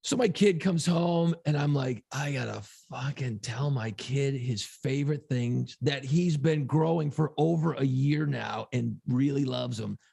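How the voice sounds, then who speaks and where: A man co-hosting a podcast, telling a long story in a casual, profane, animated way. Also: mid-range voice, a little slow, creaky, few pauses, slightly rough. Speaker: podcast co-host.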